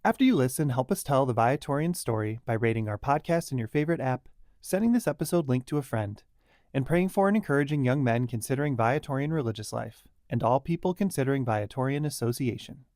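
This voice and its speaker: A man's voice: mid-range voice, animated, fast talker, darkish tone, dry recording, clean studio sound. Man reading podcast narration dryly. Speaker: podcast host. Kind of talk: scripted narration.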